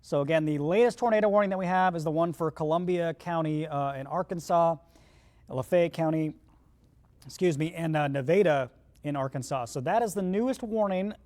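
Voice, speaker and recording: Live on air with the hiccups, a male chief meteorologist walks viewers through storm radar in an urgent, conversational manner. The voice is a little high and a little mellow, at a slightly quick pace.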